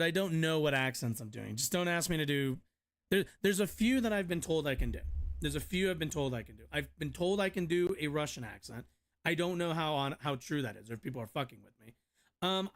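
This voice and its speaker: A man's voice: a little high, fairly bright tone. A man streaming casual commentary, rambling and profane, often restarting his sentences. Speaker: streamer reading and reacting to news.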